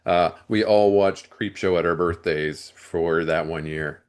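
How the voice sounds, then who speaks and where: A man chats as a guest over a video call. He talks in a laid-back way and swears casually. His voice sits low in pitch. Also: fairly even intonation, unhurried. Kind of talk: casual chat.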